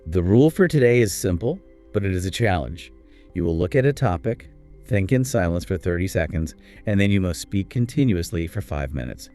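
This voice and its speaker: A man with a deep, low voice co-hosts a scripted English speaking lesson. He speaks in a clear, encouraging teacher's manner, with soft music faintly underneath. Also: expressive, fairly quick. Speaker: co-host of an English speaking course.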